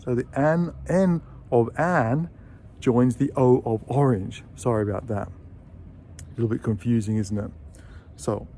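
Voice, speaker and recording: A man's voice: mid-range voice, gravelly, warm tone. Patient male English teacher. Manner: patient, repeats example phrases slowly. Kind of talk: video lesson. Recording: faint background noise with birdsong.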